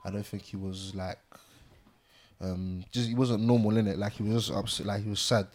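A young man talks in a loose, slang-filled way to friends. His voice sits a little low. He tells stories at an easy, meandering pace. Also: fairly even intonation, moderate pace, darkish tone. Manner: laid-back slang-heavy storytelling. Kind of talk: casual group chat.

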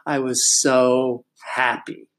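A man's voice: mid-range voice, flat delivery, slow, a bit bright. An older man in casual chat, telling a family story in a reflective way and laughing now and then.

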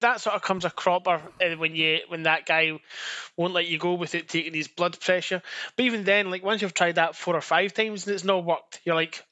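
A man's voice: high-pitched, fairly even intonation, fairly quick, bright, forceful tone. A young man, a podcast co-host, chatting casually in a rambling, sweary way with frequent laughs. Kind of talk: casual chat.

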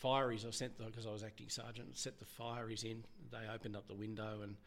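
This former cop, a middle-aged man with an Australian accent, opens up about his life as a guest in an interview, his level tone fairly bright. Emotion makes his delivery halting, he keeps restarting sentences, and he drops his voice when repeating what others said.

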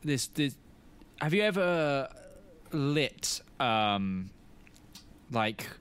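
A man narrating as game master of a tabletop game, pausing often and searching for words. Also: mid-range voice, very animated, fairly bright tone, clean tone. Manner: halting, searching for words with many fillers.

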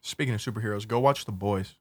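A young man co-hosting a podcast, easygoing and chatty with relaxed slang. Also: on the low side, quick pace, breathy edge, no echo, studio quality. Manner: easygoing, laid-back slang. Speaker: podcast co-host. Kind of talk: casual podcast chat.

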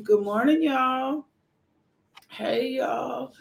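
Hoarse, gravelly woman host, casual devotional prayer, echoey room. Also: medium pitch, fairly even intonation, measured pace, a little hiss or hum. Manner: warm, repetitive thanksgiving, greets viewers by name. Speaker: host of a morning devotional livestream.

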